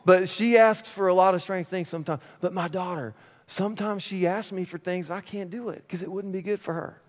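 A man in his thirties preaching a sermon as pastor, energetic and playful, dropping to a hushed, earnest tone at times. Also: sits high, a little fast. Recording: reverberant church hall.

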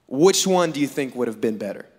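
This brisk, medium-pitched preacher entertains a live audience in a big hall with a humorous story, animatedly voicing the characters' dialogue and joking with the crowd. He speaks from the stage, and a long hall reverb colors the sound.

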